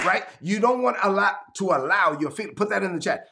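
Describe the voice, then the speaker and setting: A man's voice: high-pitched, lively intonation, brisk, vocal fry, bright, forceful tone. A man from Brooklyn preaching an emphatic, conversational livestreamed sermon. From Brooklyn, New York.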